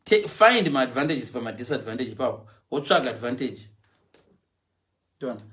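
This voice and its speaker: A middle-aged man chats casually on a live stream, speaking at a normal speed in a medium-pitched voice. He's animated, switching often between English and Shona and acting out quoted voices and animal sounds.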